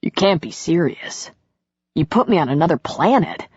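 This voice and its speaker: A woman doing a soothing, low-voiced lover. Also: sing-song, moderate pace, a little mellow, husky, dry recording, full character voice. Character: gentle, reassuring grown man, lover. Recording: dull lo-fi audiobook recording.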